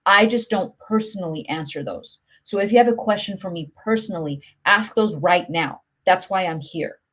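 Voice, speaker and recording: A woman's voice: on the low side, normal speed, fairly bright tone. A woman hosting a casual livestream, answering viewers' comments in a chatty, upbeat way full of "like" and "you know". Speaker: music promotion host answering live comments.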